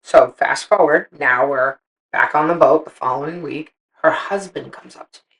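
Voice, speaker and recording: A middle-aged woman co-hosting a casual chat, telling animated, profane stories and acting out what people said. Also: deep voice, normal speed, rough recording. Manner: animated, profane storytelling with acted-out quotes. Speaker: podcast co-host.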